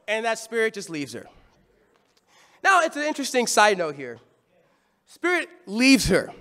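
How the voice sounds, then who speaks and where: High-voiced animated male preacher. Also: normal speed. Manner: animated, conversational storytelling. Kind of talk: sermon.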